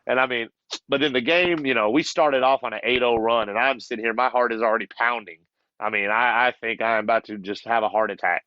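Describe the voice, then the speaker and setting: A man who is a basketball coach, telling a lively story as a podcast guest, acting out other people's lines and laughing often. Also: mid-range voice, brisk, no room sound, muffled recording. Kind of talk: casual storytelling.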